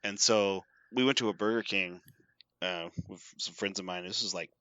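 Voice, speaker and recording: A man's voice: low voice, moderate pace, bright, forceful tone, muffled recording. A young man on a podcast telling a story in casual chat, acting out quotes and laughing often. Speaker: podcast host.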